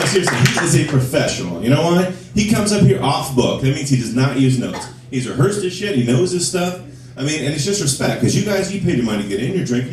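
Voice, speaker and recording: A man's voice: a little high, distant mic, slight background noise. A man doing a stand-up comedy set on a club stage, telling profane, self-deprecating stories and acting out the dialogue. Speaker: stand-up comic. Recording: echoey club, recorded from afar.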